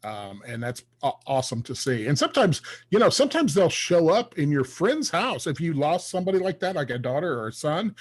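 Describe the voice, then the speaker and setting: Rambling, fairly high-voiced man host. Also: big pitch swings, fairly quick, few pauses. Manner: rambling storyteller, many fillers. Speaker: podcast host. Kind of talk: casual podcast chat.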